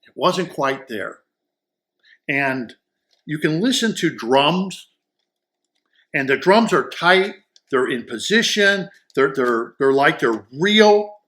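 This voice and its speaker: A man with a somewhat raised pitch reviews audio equipment in a loose, conversational way. He rambles with enthusiasm and often stumbles over repeated words while reaching for a description. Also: expressive, slow, pauses often, a bit bright. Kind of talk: casual product review talk.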